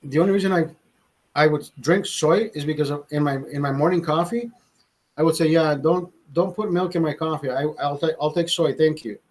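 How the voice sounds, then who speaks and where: Husky-voiced man telling a rambling story. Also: fairly high pitch, fairly quick, a little mellow, poor audio. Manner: rambling, profane, many restarts. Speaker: vlogger host. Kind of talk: casual profane storytelling.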